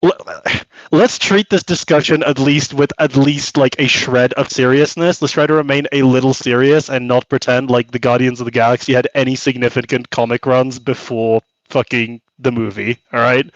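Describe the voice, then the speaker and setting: A man co-hosting a podcast in casual reaction chat, sarcastic and quick to laugh. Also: medium pitch, fairly even intonation, no room sound, dull audio. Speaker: podcast co-host.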